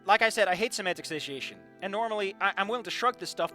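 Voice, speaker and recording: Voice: mid-range voice, racing, few pauses, pushed and bright, faint music behind. A fanfiction critic reading a story aloud and breaking off into exasperated, profane rants, sighing between points. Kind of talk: ranting commentary on a reading.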